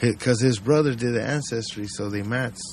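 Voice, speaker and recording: A man in a loose, casual podcast conversation. He tells stories in a lively, animated way, slipping into other people's voices and swearing freely as he goes. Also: medium pitch, normal speed, slight background noise. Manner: animated storyteller who acts out quotes and swears casually. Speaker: podcast host.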